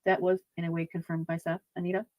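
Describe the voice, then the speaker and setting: A voice from a played clip, a self-styled medium speaking to a spirit in a soft, reassuring and repetitive way. The pitch sits mid-range and the sound is dry and close. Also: monotone, quick pace, no echo, lo-fi sound. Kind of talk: soothing medium session.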